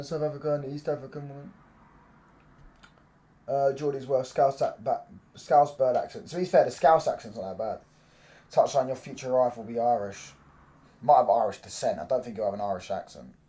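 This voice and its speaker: A young man, chatting casually on a football watchalong stream, swearing freely and breaking into loud reactions to the match. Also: medium pitch, normal speed, long pauses. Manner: loose, swearing banter, reacts loudly to the match. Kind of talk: casual live-stream chat.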